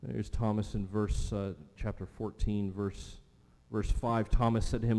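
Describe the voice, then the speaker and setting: A man preaching a sermon, emphatic, repeating key phrases and slowing down to stress them. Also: fairly low pitch, fairly even intonation, dark tone. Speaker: pastor. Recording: long reverb of a large hall.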